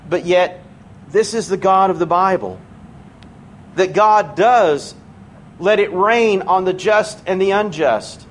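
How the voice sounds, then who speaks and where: A man preaching a sermon in a church, conversational and earnest, slowing down to stress key words. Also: sits high, a little hiss or hum.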